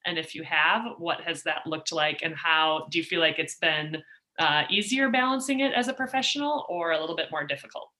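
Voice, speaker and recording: A woman's voice: sits low, fairly quick, bright, forceful tone. A woman hosting a podcast, asking curious questions of her guest. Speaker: podcast host. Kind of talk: interview questions.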